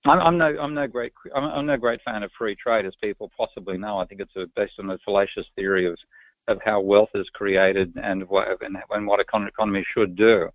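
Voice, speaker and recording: A man's voice: lowish voice, fairly even intonation, fairly quick, dry recording. An Australian man answering interview questions, frank and opinionated, often restarting his sentences. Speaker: guest. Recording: dry, tinny phone-line sound.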